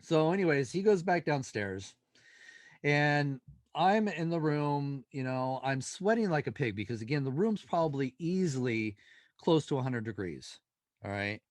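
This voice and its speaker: A male paranormal investigator, a guest in an interview, telling a story in an animated way and acting out the dialogue. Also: mid-range voice, dry recording.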